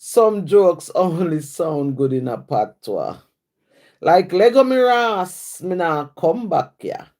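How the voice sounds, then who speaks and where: A woman's voice: fairly low pitch, takes it slowly. A woman from Jamaica with a Jamaican accent, a writer reciting her own rhyming poems in a rhythmic patois cadence and chatting casually with viewers on a live stream. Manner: rhythmic rhyming recitation in patois, then relaxed chat with fillers. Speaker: writer and poet.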